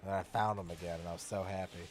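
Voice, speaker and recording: A man's voice: low voice, fairly even intonation, quick pace, soft background music. A young man in a casual, crude chat, swearing freely and laughing often as he tells stories.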